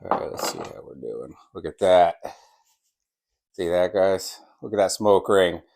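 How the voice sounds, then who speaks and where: A man hosting a barbecue vlog, slicing and tasting brisket, enthusiastic and sometimes talking with his mouth full. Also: sits low, animated, gravelly, darkish tone. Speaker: barbecue channel host. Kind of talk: casual cooking vlog while slicing and tasting.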